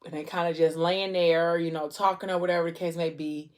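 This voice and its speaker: A woman's voice: fairly low pitch, steady tone, brisk. A woman vlogger casually retelling a long story between bites, chatty and slangy, with lots of "like" and "um". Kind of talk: casual storytelling during a mukbang.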